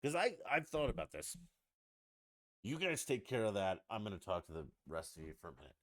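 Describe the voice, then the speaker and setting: A man hosting a podcast livestream, ranting casually with lots of swearing and sudden loud outbursts. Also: on the low side, a little fast. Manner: profane, ranting, animated outbursts. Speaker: podcast host.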